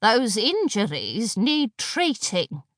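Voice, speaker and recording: A woman voicing a very old, sly witch who speaks in a rasping, wheezy voice, slow and knowing, in an audiobook. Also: fairly high pitch, wildly swooping pitch, a bit bright, no echo, clean studio sound, heavily acted. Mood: sly, croaking. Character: ancient wheezing female witch, sly and unhurried. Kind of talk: audiobook character voice.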